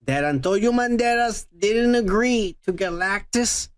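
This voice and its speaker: A man's voice: sits high, expressive, a little slow. A man hosting a podcast in profane, blunt, joking casual chat. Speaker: podcast host.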